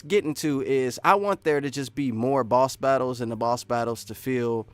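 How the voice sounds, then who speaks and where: A man giving casual, excitable live-stream commentary while wearing earphones, rambling and swinging between loud and soft. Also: medium pitch, moderate pace, few pauses, clean tone, no echo. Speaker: streamer reacting to game news.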